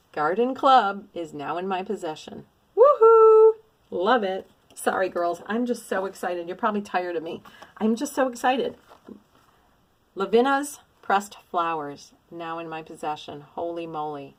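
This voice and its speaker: A middle-aged woman talks casually to her viewers about cross-stitch finds. Her voice sits a little low. She gushes and exclaims with plenty of enthusiasm. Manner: gushing, effusive, exclamatory. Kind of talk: casual show-and-tell haul.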